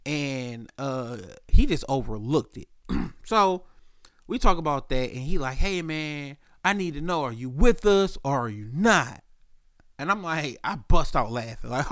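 Male podcast host, sick, casual storyteller, a bit high, dry sound. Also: animated, unhurried, a bit bright, no echo. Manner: loose profane storytelling, voices the boss; clears throat often.

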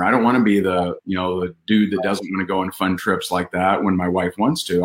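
Male guest, lower register, earnest conversational storyteller, fillers and restarts. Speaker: podcast guest. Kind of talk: casual storytelling.

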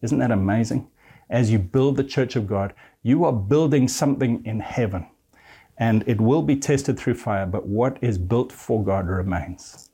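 A man's voice: mid-range voice, a little slow, mellow, slightly rough. A man preaching a sermon, reading scripture verses aloud and earnestly addressing his listeners as friend.

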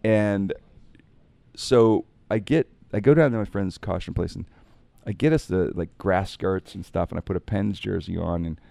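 Low-voiced man telling radio stories. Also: normal speed, vocal fry, no room sound. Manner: animated anecdotes with quoted voices. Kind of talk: casual storytelling on a podcast.

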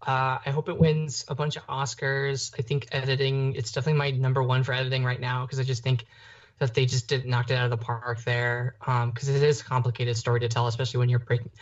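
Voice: medium pitch, flat delivery, fast. Young adult, podcast co-host, casual chat, rambling, many fillers, restarts, muffled lo-fi recording. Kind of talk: casual film discussion. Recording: dull lo-fi podcast audio.

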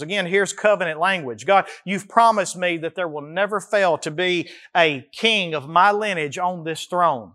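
Emphatic preaching man, fairly high voice. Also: bright, forceful tone. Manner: preaching with emphatic rises and slow drawn-out phrases. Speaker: pastor. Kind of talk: sermon.

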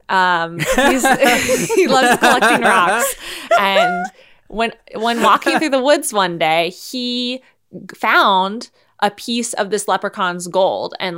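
Slow, smooth-voiced woman spinning a tale. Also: medium pitch, a bit bright. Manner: playful, giggly storytelling with many ums. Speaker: podcast co-host. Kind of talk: casual podcast chat, improvising a movie plot.

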